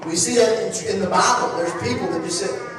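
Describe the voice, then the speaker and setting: High-voiced preacher in an echoey church. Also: male voice, brisk, a crowd in the background. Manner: conversational, repeats and restarts phrases, asks the congregation questions. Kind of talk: sermon. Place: church sanctuary. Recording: echoey hall, distant mic.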